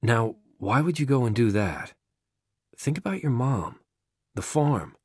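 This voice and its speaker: Man putting on a quiet calm guy, real gentle, slow and low-key, dry sound. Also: breathy edge, no echo. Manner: soft, quiet, unhurried.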